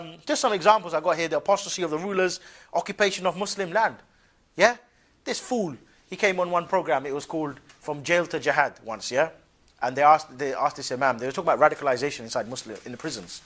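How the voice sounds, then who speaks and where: Slangy, higher-voiced man lecturing. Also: fast talker, fairly bright tone. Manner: conversational, colloquial, keeps asking "yeah?"; mocking asides with short laughs. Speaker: religious lecturer. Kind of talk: religious lecture to a class.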